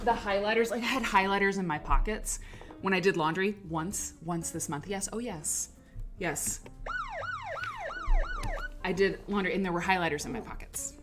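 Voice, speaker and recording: A woman hosting a live stream in casual chat, rambling and laughing as she talks, with lots of "like" as filler. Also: mid-range voice. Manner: rambling, chatty, full of "like" and laughter. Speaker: livestream host.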